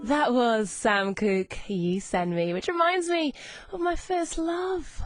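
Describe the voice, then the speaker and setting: A woman's voice: a little high, lively intonation, slow, no room sound. Bubbly young woman radio presenter. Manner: bubbly, chatty, enthusiastic. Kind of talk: lunchtime radio chat show. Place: radio studio. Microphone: studio microphone.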